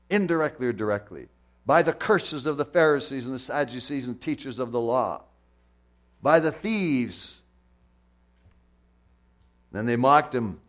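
A male preacher delivering an impassioned sermon, his voice leaping high and loud on questions, then dropping low and quiet. He hammers points home with repetition and rhetorical questions, in a mid-pitched voice. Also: expressive, measured pace.

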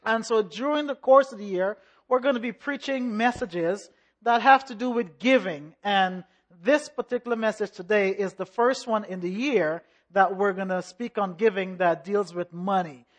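A pastor preaching a sermon with rhythmic repetition and call-and-response, in a measured, emphatic delivery. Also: medium pitch.

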